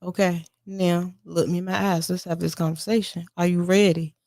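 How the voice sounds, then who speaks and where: A woman's voice: on the low side, little pitch movement, moderate pace, darkish tone, no echo, clean studio sound. A woman guest on a podcast explaining her parent coaching in an earnest, repetitive way. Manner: earnest, repeats herself, acts out lines to her kids. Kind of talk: casual podcast conversation.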